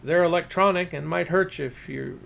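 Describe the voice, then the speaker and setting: A man's voice: on the high side, normal speed, creaky, a bit bright, dull audio, voice pushed up. A man voicing a formal, brainy new boy who talks about science with precise wording.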